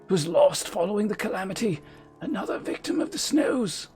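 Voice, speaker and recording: A man puts on a pompous noble knight whose voice is pushed well above his own, swooping and lively as he hands out orders. The delivery is lofty and archaic, read aloud from a game's dialogue with theatrical relish. It sounds like a strained, exaggerated put-on voice. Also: high voice, fairly quick, over music, pitched above the performer's own voice. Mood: haughty. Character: pompous high-born male knight giving orders.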